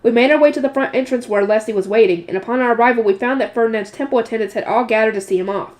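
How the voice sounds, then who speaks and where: A woman's voice: fairly high pitch, rapid-fire, a little mellow. A woman with a nasal voice reading a novel aloud and breaking in with casual chatty reactions. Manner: chatty, reacts to the story between passages. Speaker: audiobook reader, channel host.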